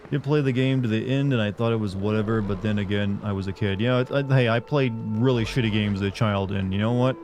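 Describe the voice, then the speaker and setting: Rambling streamer man, lowish voice. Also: quick pace, few pauses, darkish tone, a little hiss or hum. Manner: rambling, talks to chat with many fillers. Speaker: livestreamer. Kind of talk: casual live gameplay chat.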